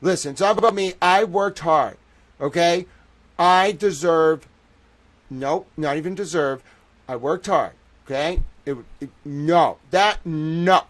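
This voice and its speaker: Young guy streamer going off, swears a lot, yells then mutters, kinda high voice. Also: slow. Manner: swings between shouting outrage and muttering; profane, emphatic. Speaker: livestream host. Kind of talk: excited livestream rant.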